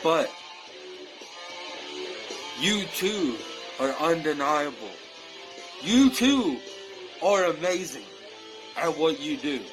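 A man delivering a boastful, menacing wrestling promo, slow and deliberate. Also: on the high side, lively intonation, low-quality recording. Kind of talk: scripted wrestling trash-talk promo. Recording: guitar music playing loudly behind.

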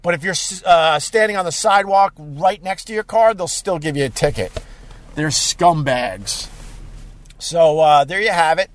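A man talking to his viewers from a parked car, telling a story in a casual, rambling way with many fillers and sudden loud outbursts. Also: fairly high pitch, normal speed. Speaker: live streamer.

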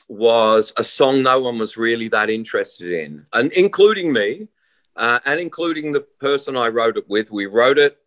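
Brief: musician guest, mid-pitched, chatty storyteller with restarts. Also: male voice, dry recording. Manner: rambling, animated storyteller with many restarts and quoted voices. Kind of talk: casual interview talk.

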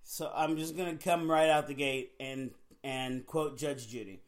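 Podcast co-host, woman, low pitch, slow and expressive, animated storyteller. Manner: animated storyteller, drawn-out emphasis. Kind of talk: casual chat.

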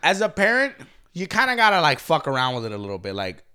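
A man's voice: a little high, wildly swooping pitch, quick pace, pushed and bright, clear, resonant tone. Man, stuffy from a cold, casual podcast chat, rambling, swears a lot, laughs often. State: congested from a cold. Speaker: podcast co-host.

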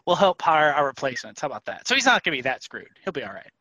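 Upbeat male host, bright forward voice, jokey banter, dry close sound. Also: a little high, big pitch swings, rapid-fire, no echo, lo-fi sound. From Louisiana. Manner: upbeat, joking, easy laugh. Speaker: podcast host. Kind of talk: casual chat.

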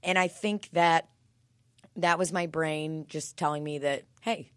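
A woman's voice: low voice, fairly even intonation, measured pace, smooth, no room sound, clean studio sound. Young woman telling crude stories. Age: 20s. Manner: laughing, crude storytelling. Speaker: podcast co-host. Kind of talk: casual chat.

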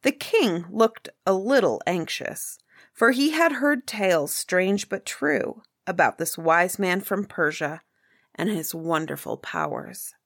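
Slow, lowish woman reading a fairy tale. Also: lively intonation, fairly bright tone, dry recording, studio quality. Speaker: narrator. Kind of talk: storybook reading.

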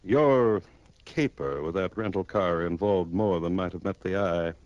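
An actor playing a cold, curt male judge in a 1950s radio drama, commanding and quick to cut others off. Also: deep voice, a little mellow, dry recording, lo-fi sound. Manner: clipped, commanding, cuts others off.

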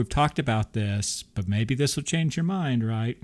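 A man's voice: mid-range voice, expressive, measured pace, few pauses. A man co-hosting a podcast, talking about theme park treats in an enthusiastic, chatty way and laughing often. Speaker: podcast co-host. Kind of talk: casual chat.

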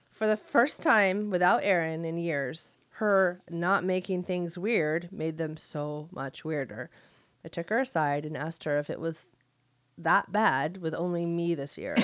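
A woman's voice: lowish voice, no room sound. A woman co-hosting a writing podcast, reading personal stories aloud and laughing often between lines. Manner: warm storytelling, laughs often, swears casually. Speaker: podcast co-host.

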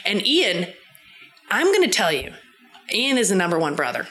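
A woman with an Arkansas Southern accent, co-hosting a podcast and recapping a TV episode in a profane, animated way with sound effects. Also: mid-range voice, normal speed, pauses often, soft background music. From Southern United States. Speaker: podcast co-host. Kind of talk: casual chat recapping a TV episode.

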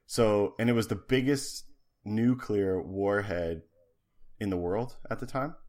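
A man with a lowish voice co-hosting a casual podcast. He drifts through a long story, stacking ums, restarts and asides as he goes. His talk is loose and conversational. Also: unhurried, a little mellow. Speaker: podcast co-host. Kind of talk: casual chat.

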